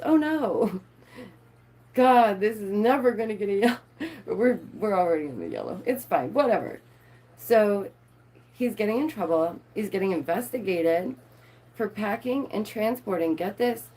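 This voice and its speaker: A woman's voice: mid-range voice, a little mellow. A woman, live streaming and reading news aloud with playful, sarcastic asides to her viewers. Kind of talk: casual live-stream commentary.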